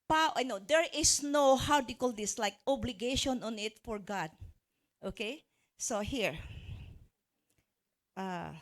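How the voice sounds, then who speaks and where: A woman giving a live seminar talk to an audience. She talks in a chatty, coaching way, jokes with the crowd, and often searches for words and restarts her phrases. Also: high-pitched. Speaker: motivational speaker.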